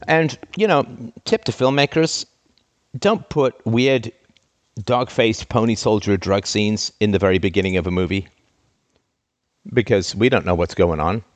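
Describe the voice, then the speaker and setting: A man hosting a live show, ranting in an exasperated, sarcastic way with big theatrical swings in pitch. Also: measured pace, no room sound. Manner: theatrical, trained speaking voice. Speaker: host.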